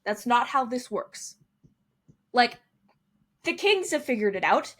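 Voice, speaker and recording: Animated young woman co-hosting a podcast. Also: fairly high pitch, takes it slowly. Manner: animated, joking, ranting, laughs often. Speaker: podcast co-host. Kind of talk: casual sports chat.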